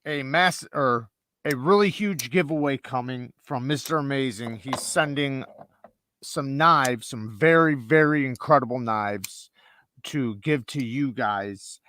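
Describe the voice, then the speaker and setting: A man's voice: medium pitch, a little slow, pushed and bright. A man from the Chicago area hosting a livestream, chatting loosely and swearing. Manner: loose, profane, upbeat announcer of giveaways. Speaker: livestream host. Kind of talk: casual chat.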